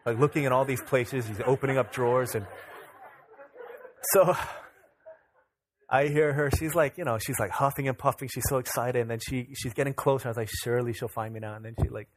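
A man in his thirties, a pastor, preaching a sermon that opens with a lively family anecdote, acting out the dialogue in it. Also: medium pitch, brisk. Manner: animated, acts out dialogue in anecdotes. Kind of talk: sermon with storytelling.

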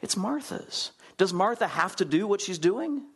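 A man preaching a sermon in a conversational, animated way, acting out the people in the story and putting questions to his listeners. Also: unhurried, creaky, husky. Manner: animated storyteller, acts out quotes with big swings in pitch; conversational, asks the congregation questions. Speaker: pastor.

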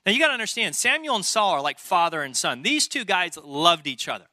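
Man, pastor, sermon, very bright sharp tone, dry close sound, emphatic. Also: high voice, sing-song, a little fast, no room sound. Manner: emphatic, conversational preaching with rhetorical questions.

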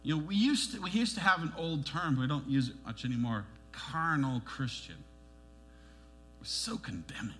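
A middle-aged man preaching a sermon as a pastor, animated, pushing his emphasis upward and acting out the voices he quotes. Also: fairly high pitch, normal speed, faint music behind.

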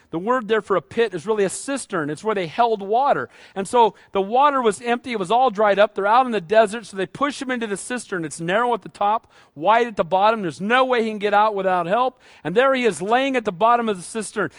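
High-voiced preaching man, dry sound. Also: no room sound. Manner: animated, acts out voices of Bible figures. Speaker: pastor. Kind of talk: sermon.

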